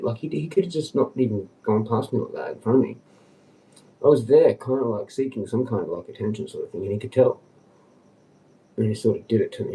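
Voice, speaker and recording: A man's voice: mellow, slight background noise. Rambling man, far from the mic. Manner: rambling, agitated, swearing often, mutters low then jumps high. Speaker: livestreamer. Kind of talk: rambling casual livestream monologue. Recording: distant from the mic.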